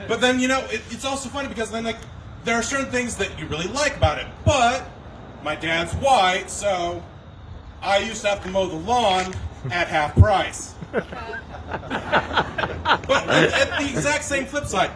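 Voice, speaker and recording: Young male stand-up comedian, self-deprecating storyteller, high-pitched, recorded from a distance in a noisy small venue. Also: expressive, normal speed. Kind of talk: stand-up set. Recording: distant mic with loud background noise.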